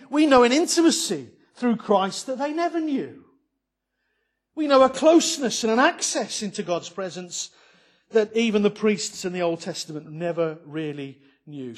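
A man's voice: high-pitched, lively intonation, moderate pace. A man preaching an evening sermon on a psalm, earnest and building to fervent emphasis, with many restarts.

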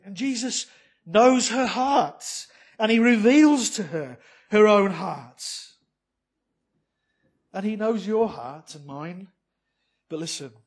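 A man preaching a sermon to his congregation, with many rhetorical questions, swinging between loud emphatic lines and soft quiet ones. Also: sits high, slightly rough.

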